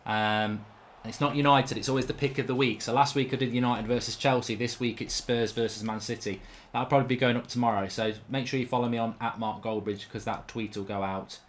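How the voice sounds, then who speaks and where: A man commentating on his own football video game in a chatty, rambling way, erupting into loud shouts when a goal goes in. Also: medium pitch, fairly quick, a little hiss or hum. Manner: excitable, bursts into loud shouting over goals. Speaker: gaming commentator.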